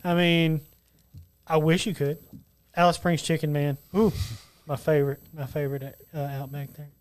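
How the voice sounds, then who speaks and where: A man co-hosting a casual studio podcast, rambling and reciting lyrics slowly. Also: fairly high pitch, level tone, clear, resonant tone. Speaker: podcast co-host.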